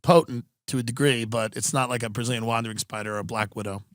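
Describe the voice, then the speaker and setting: Animated man telling comedic stories. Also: medium pitch, fast, no echo, clean studio sound. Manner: animated, profane, mimics people in quoted voices. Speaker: podcast host. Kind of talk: comedic storytelling chat. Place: Southern California.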